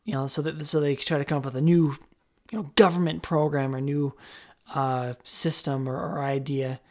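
A man's voice: a little high, steady tone, normal speed, a little mellow. Podcast host guy rambling along, keeps restarting, jokey. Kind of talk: casual chat.

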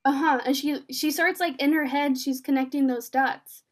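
A young woman with a high, light voice recaps a TV episode with a friend on a podcast, speaking at a moderate pace. Excited and chatty, she fills her retelling with fillers and acts out each character's lines in quoted voices.

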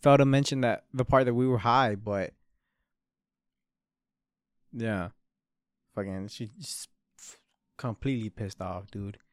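A man's voice: lowish voice, measured pace, long pauses, no echo. Profane, rambling young man. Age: 20s. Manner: rambling and profane, with frequent "bro" and "dude". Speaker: podcast host. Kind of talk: casual storytelling.

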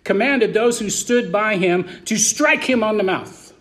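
High-voiced animated male preacher. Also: measured pace. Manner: animated, colloquial and emphatic. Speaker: pastor. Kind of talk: verse-by-verse sermon.

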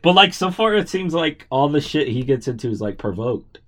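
A man's voice: a little high, big pitch swings, moderate pace, fairly bright tone. A man co-hosting a podcast, chatting casually, laughing often and saying bro. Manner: laid-back, laughs often, says bro. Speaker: podcast co-host.

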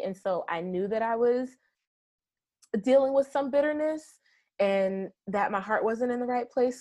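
A woman's voice: medium pitch, a little mellow. Earnest woman telling her story. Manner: earnest, heartfelt, frequent "like" fillers. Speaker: interview guest. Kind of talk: candid personal storytelling.

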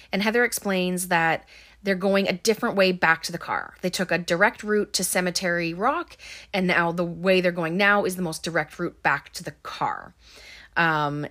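Woman, casual movie recap, rambling chatty delivery, lowish voice. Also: a bit bright. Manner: chatty, many ums and likes.

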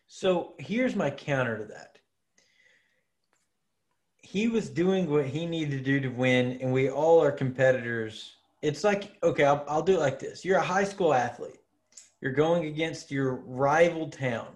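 A man co-hosting a casual sports podcast, laying out his points with long, relaxed examples. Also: fairly high pitch, a little slow. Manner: laid-back, argues with long examples. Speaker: podcast co-host.

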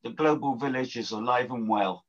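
Older man, upbeat pitch. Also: moderate pace. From England. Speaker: networking group organizer. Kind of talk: self-introduction pitch on a video call. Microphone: video call. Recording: dull lo-fi video call audio.

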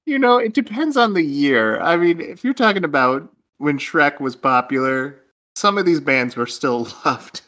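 A man's voice: a little high, expressive, unhurried, bright, forceful tone. A man co-hosting a casual, comedic podcast chat, playful and joking, often breaking into laughter. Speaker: podcast co-host.

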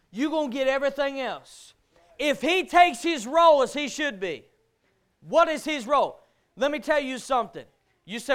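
High-voiced preacher, fervent. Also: male voice, expressive, brisk. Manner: preaching with rising shouts and rhetorical questions. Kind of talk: sermon.

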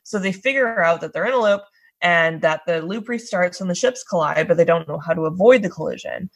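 A woman co-hosts a casual podcast, walking through a TV episode's plot with quick asides and a bit of swearing. Her voice sits a little low. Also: lively intonation, low-quality recording. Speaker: podcast co-host.

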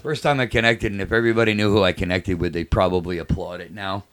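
Guest: race car driver, man, deep and dry, measured delivery. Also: fairly even intonation, a bit bright, clear, resonant tone. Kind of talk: casual podcast chat.

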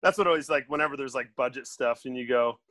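A man's voice: medium pitch, quick pace, sharp tone, no echo. A man who teaches, a podcast guest chatting casually and cracking wry jokes. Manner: joking, wry zingers.

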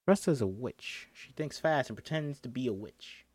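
A man's voice: medium pitch, expressive, moderate pace, a little mellow, slightly rough, dry recording, clean studio sound. A man reads a film script aloud and breaks off for jokey, swearing asides, acting out the characters' lines as he goes.

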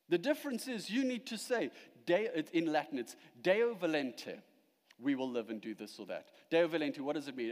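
A male pastor preaching a sermon, emphatic at the peaks and dropping quiet at the close. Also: fairly high pitch, long reverb tail.

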